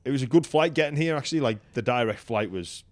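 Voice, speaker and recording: A man's voice: mid-range voice, expressive, fast talker, darkish tone, no echo. A man hosting a podcast in casual chat, joking and swearing loosely as he talks. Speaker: podcast host. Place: hotel in Las Vegas.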